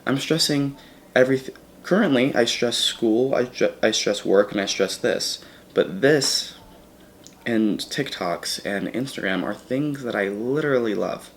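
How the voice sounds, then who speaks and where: A man's voice: mid-range voice, expressive, a little slow, a little hiss or hum. A man talking to camera in a casual, reflective vlog, rambling and correcting himself as he goes. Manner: rambling, self-correcting, earnest. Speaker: vlogger.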